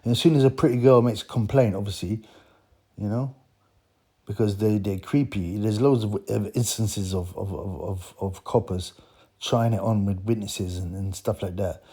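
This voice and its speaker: Man, dark mellow voice, blunt indignant rant, vlog storytelling. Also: lowish voice, normal speed, slightly rough. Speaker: vlogger. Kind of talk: ranting storytelling monologue.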